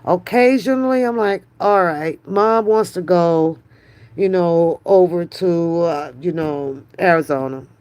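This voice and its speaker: A woman hosting a live stream, chatting casually with viewers in a slow, drawn-out way, often brushing things off with a dismissive "mm-mm". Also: fairly low pitch, a little mellow, clear, resonant tone. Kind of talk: casual chat.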